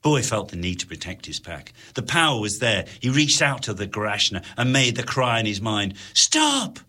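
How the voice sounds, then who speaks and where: Husky guy narrating a story, lively up and down, bright tone. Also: lowish voice, a little fast. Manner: expressive, dramatic storytelling. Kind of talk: audiobook narration.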